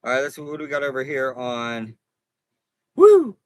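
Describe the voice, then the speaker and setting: A man's voice: medium pitch, level tone, very fast, fairly bright tone, no echo, low-quality recording. Guy livestreaming on his phone from an rv, earnest and rambling, keeps restarting his sentences, dry close sound. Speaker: livestream host and consumer advocate. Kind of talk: casual livestream chat with viewers. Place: inside an RV.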